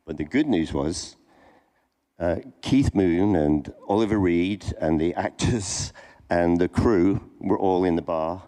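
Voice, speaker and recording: A man's voice: sits low, takes it slowly, warm tone. A man on a festival panel telling a rambling anecdote to an audience, often restarting his sentences. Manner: rambling, self-correcting storyteller. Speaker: cinematographer panelist.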